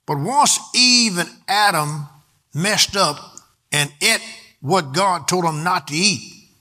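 A man with a high, pushed, bright voice preaches a sermon slowly. His rhythmic delivery slides into half-singing at times, and he stretches out key words for emphasis.

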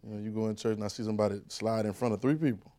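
A man preaching a conversational sermon, repeating phrases and rising to shouted calls. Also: on the low side, steady tone, very fast.

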